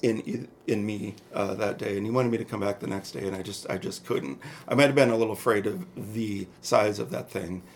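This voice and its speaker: Gravelly-voiced man telling candid stories. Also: on the low side, brisk, hardly any pauses, slight background noise. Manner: frank, chatty storyteller. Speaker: podcast co-host. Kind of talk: candid personal storytelling.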